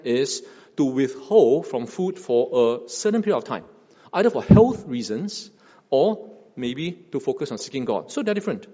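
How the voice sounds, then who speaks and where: A man delivers a sermon, his fairly high voice rising and falling with lively emphasis. He poses rhetorical questions and circles back on his phrases. The sound is a little muffled, with a long hall reverb behind it. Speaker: pastor.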